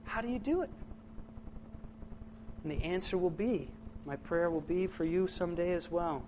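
A middle-aged man preaching a sermon to his church, impassioned, swinging from loud bursts to hushed, quiet lines. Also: high-pitched, normal speed, a little hiss or hum, low-quality recording.

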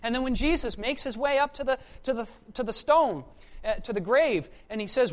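A preacher delivering a sermon, repeating words for emphasis and moving between loud, pressing stretches and hushed, quiet ones. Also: mid-range voice, lively intonation, fairly quick.

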